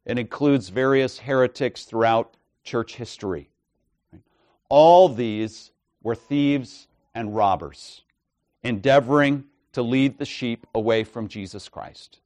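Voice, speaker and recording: A man preaches an expository sermon in a measured, emphatic style, frequently checking in with "right?" and "okay?". His medium-pitched voice is a little mellow, and there's no echo.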